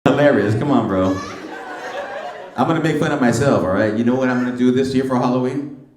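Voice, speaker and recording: A man's voice: mid-range voice, a little fast, background noise. A middle-aged male stand-up comedian doing brash, teasing crowd work with plenty of slang. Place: comedy club stage. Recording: roomy club sound from a distance. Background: audience laughter.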